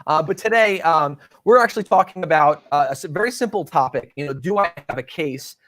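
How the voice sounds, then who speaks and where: Chatty host. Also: male voice, a little high, fairly quick, no room sound. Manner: relaxed, chatty, laughs easily. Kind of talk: live show hosting.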